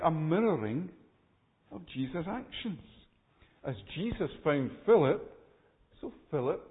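Male preacher, earnest and emphatic, higher voice, thin lo-fi sound with long reverb. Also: vocal fry. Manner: earnest, emphatic expository preaching with frequent restarts. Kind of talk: sermon. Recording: tinny phone-like recording with long reverb.

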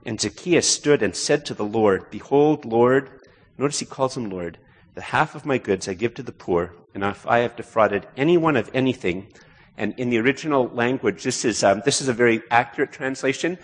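A man preaching a conversational sermon as a pastor, turning animated when he quotes. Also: mid-range voice, breathy edge, big-room sound.

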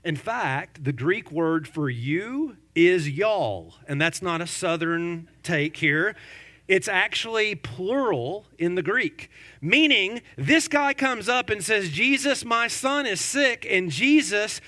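A man preaching with a high, ringing voice that rises sharply when he makes a point. He works the congregation with rhetorical questions and playful asides. The tone is that of a lively sermon, not a lecture. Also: measured pace. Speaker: pastor.

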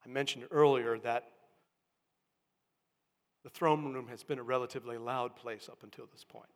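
A man preaching a sermon, swinging from hushed tones to loud emphatic calls. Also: mid-range voice, fairly even intonation, normal speed, long pauses, in a large hall.

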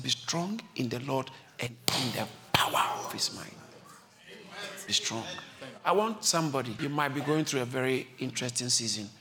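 Before a responsive live church crowd, a man delivers an exhorting sermon, repeating his message and building from low, calm moments up to shouting peaks.

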